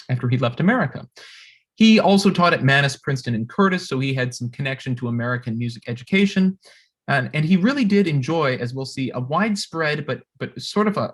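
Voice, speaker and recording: A young composer talks through a music history presentation. His voice sits at a middle pitch, and he stops often, repeating words and filling gaps with "um" and "uh" as he thinks aloud. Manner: halting, many fillers and restarts. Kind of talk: recorded lecture presentation.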